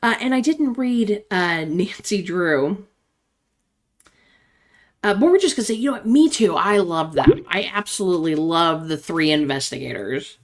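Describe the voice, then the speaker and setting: A woman's voice: on the low side, big pitch swings, measured pace, pauses often. A woman hosting a gaming channel, reading a text game's chats aloud with chatty asides and frequent laughter.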